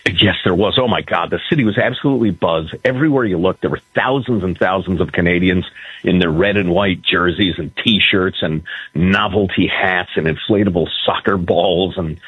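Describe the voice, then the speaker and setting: Calling in by phone from outdoors at a port while on vacation, a male co-host chats casually and wryly before sliding into a sardonic rant. His deep voice has a breathy edge and moves at normal speed over a tinny line with no echo.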